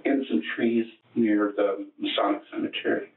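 A man with a low, monotone voice gives halting, matter-of-fact testimony in a police interrogation. He is heard from across the room on an echoey, tinny archive tape. His words come with frequent restarts. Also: far from the mic. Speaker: murder suspect under questioning.

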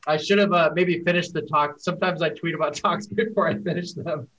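A man's voice: a little high, fairly even intonation, brisk, a bit bright, highs cut off. A man hosting a casual panel discussion over a video call, telling a long self-deprecating story in a rambling way. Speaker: panel host.

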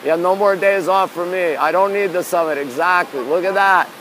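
A man's voice: sits high, moderate pace, fairly bright tone. A man with a New York accent live-streaming outdoors on a rainy city street at night, chatting casually and reading viewers' comments aloud into a phone held in one hand. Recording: faint street noise behind.

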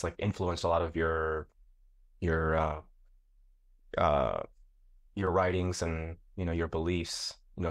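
A man interviewing a guest, asking casual, halting questions full of fillers. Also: deep voice, no echo, clean studio sound.

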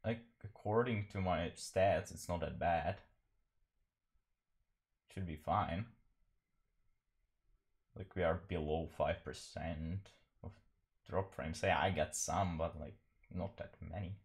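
Guy streaming his painting, talks slow and rambly, putting himself down a lot, keyboard clicks in the background. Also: sits low, creaky, breathy edge. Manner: rambling, self-deprecating, laughs often. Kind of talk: casual live-stream chat.

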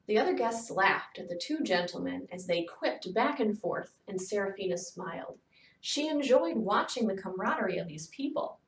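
A woman's voice: medium pitch, moderate pace. Woman reading a storybook aloud. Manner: steady storytelling, softening to near whispers. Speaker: read-aloud narrator. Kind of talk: children's book read-aloud. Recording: echoey room, distant mic.

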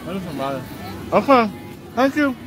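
A man's voice: sits high, sing-song, normal speed. A man making a casual travel vlog, chatting upbeat with shop staff in a busy food shop. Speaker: travel vlogger. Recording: crowd chatter and music behind.

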